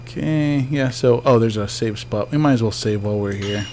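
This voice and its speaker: A man's voice: medium pitch, normal speed, darkish tone, a little hiss or hum. A man giving casual let's-play commentary as a game streamer, chatty and joking, talking back to the ghosts on screen.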